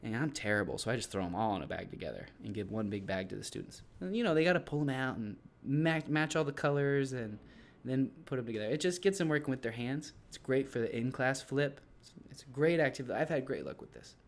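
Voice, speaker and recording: A man's voice: mid-range voice, animated, fast talker, creaky, hardly any pauses. A man who teaches English, casually explaining his classroom activities to other teachers in a loose, rambling way with frequent restarts.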